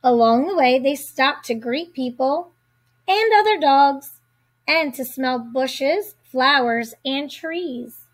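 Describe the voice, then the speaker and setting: A woman reading a picture book aloud to children, with a gentle, deliberate storybook delivery. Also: high-pitched, animated.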